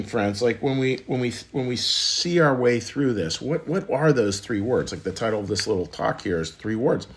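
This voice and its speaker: A man giving a short, conversational sermon as pastor on a church livestream, often repeating and restarting phrases. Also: medium pitch.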